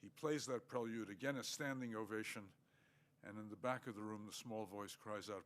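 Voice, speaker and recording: An older man giving an academic lecture, measured and halting, with many fillers. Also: on the low side, a bit bright. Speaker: guest lecturer.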